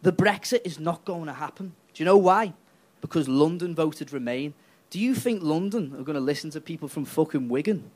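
Crude ranting comedian. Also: male voice, a little high, animated, brisk. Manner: crude, ranting, switching between put-on voices and shouts. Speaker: stand-up comedian. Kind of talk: stand-up set. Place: comedy club stage.

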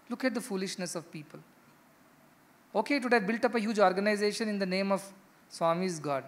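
A middle-aged spiritual teacher with an Indian English accent gives a discourse to ashram residents, emphatic, firing off rhetorical questions and repeating key phrases. His voice sits high and a bit bright, fairly quick, with fairly even intonation.

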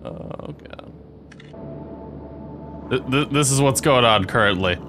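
A young man giving gameplay commentary, swearing often and breaking into excitable outbursts. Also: mid-range voice, slow, music in the background. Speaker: let's play host.

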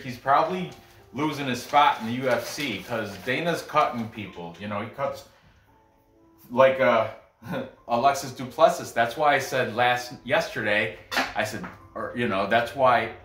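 A man's voice: mid-range voice, a bit bright, distant mic. A man hosting a fight-picks video, chatting casually and bragging a little, with frequent restarts. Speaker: MMA picks video host. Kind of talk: casual solo commentary. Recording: echoey room, somewhat off-mic.

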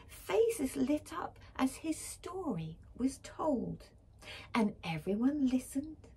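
A woman reading a picture book aloud to schoolchildren, gentle and expressive, often dropping to a whisper. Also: on the high side, slight background noise. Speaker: school librarian reading to pupils.

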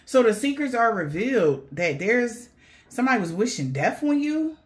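A woman giving a casual tarot reading to her viewers, animated and slangy, swearing and laughing often. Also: a little high, moderate pace. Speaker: tarot reader.

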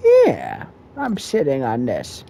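A man's voice: mid-range voice, huge pitch swings, slow, creaky, warm tone, a little hiss or hum. A man giving profane, mocking reaction commentary on a game video, laughing often between crude jokes.

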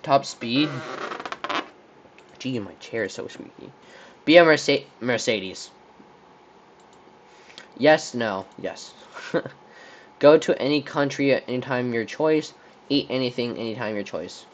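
A man's voice: medium pitch, slow pace, long pauses, lo-fi sound, slight background noise. A young man from Texas playing a would-you-rather game on his channel, thinking aloud and rambling with lots of fillers and restarts. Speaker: channel host. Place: room with a squeaky chair.

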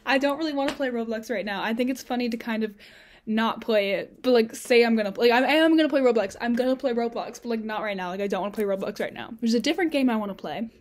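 A breathless young woman talks casually to the camera from her dorm room, her pitch sitting a little high. She rambles and fills the gaps with lots of "like" and "um". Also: fast. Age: young adult. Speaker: college student vlogger. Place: dorm room on a college campus.

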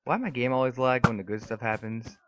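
A young man giving casual, excitable gameplay commentary, trash-talking opponents and swearing often. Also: medium pitch, a little fast. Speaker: gaming YouTuber. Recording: noisy recording with mouse and keyboard clicks.

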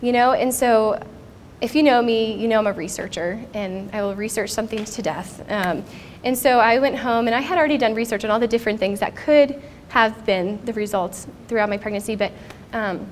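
A woman's voice: on the high side, brisk, hardly any pauses, slight background noise. A woman in her thirties speaking at a conference, telling a personal story in an earnest, reflective way. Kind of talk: personal testimony talk. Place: conference stage.

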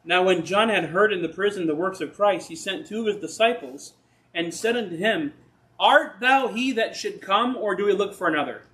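A man's voice: high voice, a little fast, fairly bright tone. A man preaching a sermon as pastor, talking conversationally and acting out people's questions to God.

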